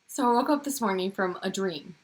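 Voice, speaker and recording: A woman's voice: medium pitch, a little fast, slight background noise. A woman co-hosting a pop culture podcast, telling a story in casual chat with lots of swearing and acted-out dialogue. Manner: animated, swearing, acts out dream dialogue. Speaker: podcast co-host.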